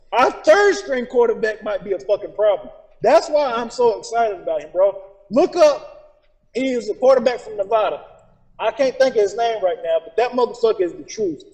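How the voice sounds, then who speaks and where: A man co-hosting a casual podcast, loud and excitable, with profane trash talk about his football team. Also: high voice, rough recording. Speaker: podcast co-host. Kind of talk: casual chat.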